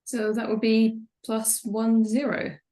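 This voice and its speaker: A woman's voice: on the high side, completely flat delivery, takes it slowly, mellow. Woman giving short encouraging replies, roomy. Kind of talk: casual lesson chat. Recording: roomy, from off the mic.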